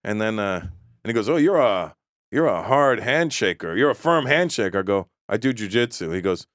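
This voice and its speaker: A man's voice: lowish voice, normal speed, dry recording, clean studio sound. A man, a guest comedian on a talk show, telling a story and acting out the other people in it. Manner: animated, acts out the other people in his stories.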